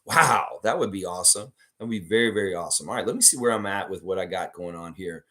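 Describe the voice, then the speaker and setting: A hoarse man hosting a live sports stream, reading viewer messages aloud and ranting in a casual, swearing way. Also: low voice, quick pace. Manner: animated, reads chat messages aloud, swears freely.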